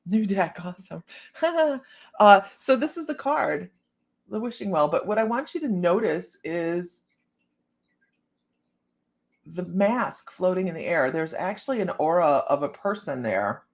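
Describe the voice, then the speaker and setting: On her livestream, a psychic from Ohio, United States, lays out cards, chats informally with viewers by name, and laughs frequently. Her voice sits on the low side and is expressive, delivered a little slowly with long gaps.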